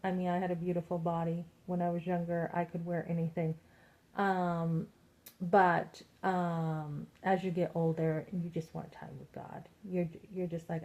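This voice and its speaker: A woman's voice: on the low side, level tone, unhurried, mellow. A middle-aged woman giving a chatty, encouraging talk to other women, retelling her conversations as she goes. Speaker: Christian women's vlogger. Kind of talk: casual motivational talk. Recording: muffled lo-fi sound.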